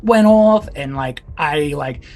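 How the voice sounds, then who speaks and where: A man's voice: on the high side, animated, takes it slowly, a little mellow. A man in his forties speaks as a podcast guest. He tells his story in a raw, intense way, swearing often and leaning on "like." Faint music plays under his voice. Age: 40s. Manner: candid and intense, swears, fillers of "like". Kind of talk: emotional personal storytelling.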